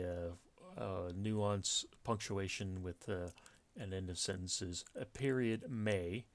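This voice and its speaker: A man explaining punctuation rules in a casual lecture, relaxed and explanatory, with frequent fillers and restarts. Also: lowish voice. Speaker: writing teacher.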